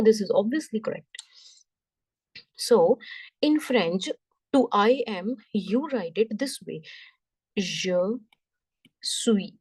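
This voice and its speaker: A woman teaching French, explaining slowly step by step, often repeating herself and checking in with "right?". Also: mid-range voice, darkish tone, breathy edge, dry recording. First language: Punjabi. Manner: slow, repetitive, checks understanding with "right?". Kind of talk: classroom lesson explanation.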